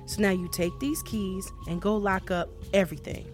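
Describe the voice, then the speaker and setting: A woman's voice: medium pitch, fairly even intonation, moderate pace, faint music behind, natural voice. A woman voicing a sly male devil in a folktale who coaxes and confides with a scheme. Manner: coaxing, confiding.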